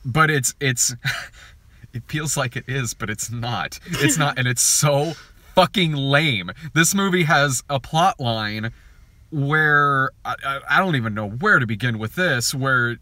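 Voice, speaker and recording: A man co-hosting a casual movie review chat, talking in an animated way, swearing freely and often laughing. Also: medium pitch, measured pace, dry recording. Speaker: film review co-host.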